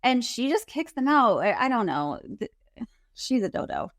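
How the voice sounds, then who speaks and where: A woman's voice: fairly high pitch, sing-song, normal speed, no room sound, studio quality. A woman co-hosting a casual recap podcast, exasperated, acting out quotes as she retells scenes. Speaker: podcast co-host.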